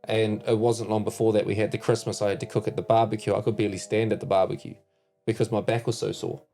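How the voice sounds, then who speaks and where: A man's voice: on the low side, flat delivery, fast talker, warm tone. A man with a New Zealand accent, a podcast host talking easily and calling others bro. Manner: easygoing, calls others "bro". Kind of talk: casual chat. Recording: music playing in the background.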